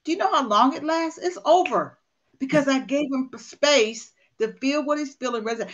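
An older woman, a motivational speaker, gives a candid, emphatic conversational talk, acting out her own inner dialogue. Her voice sits high at normal speed, and the audio is dull.

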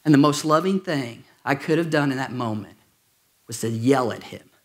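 Preaching to his congregation in a church auditorium, a pastor speaks in a medium-pitched voice at a moderate pace. His sermon is conversational and jokey, with asides and questions put to the room.

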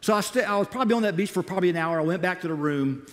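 A male preacher from the United States tells a personal story to his congregation, acting out his own remembered lines with plenty of life. His voice sits a little high. The sound has a long reverb, as in a large church hall. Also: rapid-fire. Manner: animated, acts out his own past words. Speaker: missionary speaker. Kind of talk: sermon storytelling. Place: church auditorium.

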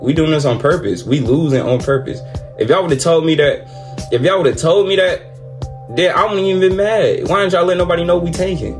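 A man's voice: fairly high pitch, fairly quick. Exasperated young man ranting over music. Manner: exasperated, repetitive, slangy rants. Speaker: sports reaction host. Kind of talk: casual game reaction. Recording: music playing behind the voice.

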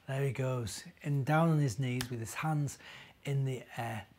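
A man, a minister, gently reading a storybook and talking to young children. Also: medium pitch, a little slow, slight background noise.

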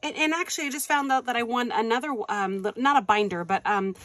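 Talking fast in a slightly high voice on a dry recording, this vlogger excitedly unboxes happy mail and chats casually. She gasps often, gushes, and speaks affectionately to her audience as "hon" and "you guys."

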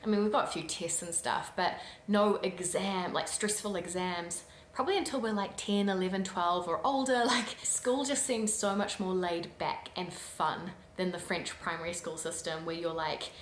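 A woman's voice: fairly low pitch, normal speed, hardly any pauses, echoey room, slight background noise. A woman from New Zealand with a New Zealand accent, hosting a casual vlog in a chatty, giggly way. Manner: chatty, giggly, acts out quotes. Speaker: vlogger host.

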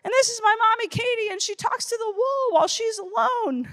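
A woman imitating a small girl who talks bluntly in a bright, childlike sing-song. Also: very high-pitched, a little fast, dry recording, pitched above the performer's own voice. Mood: sweet.

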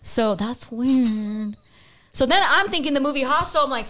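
Woman, casual storytelling, animated, acted-out quotes, slightly high voice. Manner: animated, fast bursts and acted-out quotes, laughing. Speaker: podcast guest.

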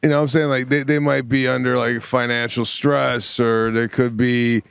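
A relaxed man chatting on a podcast, mulling things over out loud. His voice sits at an ordinary pitch and sounds close and dry, with no room sound around it. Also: moderate pace, creaky, clear, resonant tone, dry recording. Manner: easygoing, reflective, profane. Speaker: podcast co-host. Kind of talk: casual chat.

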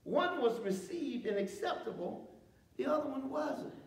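High-voiced preacher in an echoey church. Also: male voice, animated, unhurried, recorded from a distance. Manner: preaching with humor, calls to the congregation, reading scripture aloud. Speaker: pastor. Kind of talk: sermon.

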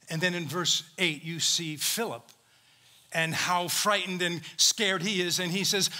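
A man's voice: on the high side, slow pace, bright, forceful tone. A man preaching a sermon as pastor, emphatic, acting out quoted speech and calling out to the congregation.

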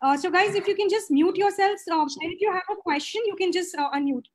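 A woman's voice: very high-pitched, fast talker. A woman moderating a webinar, speaking politely and hesitantly.

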